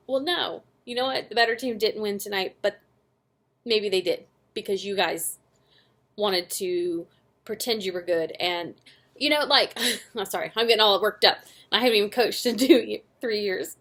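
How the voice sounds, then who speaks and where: A young woman giving a casual motivational recap to her sales team, earnest and animated, often laughing at herself and using many fillers. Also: medium pitch, moderate pace. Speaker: direct sales team leader.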